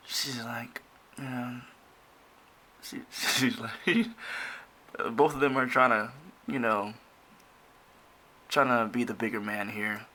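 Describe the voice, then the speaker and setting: Guy chatting through his comic pages, rambly, bright edgy tone. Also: mid-range voice, a little slow, pauses often, a little hiss or hum. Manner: rambling, many restarts and fillers. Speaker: comic creator. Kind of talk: casual walkthrough of own comic.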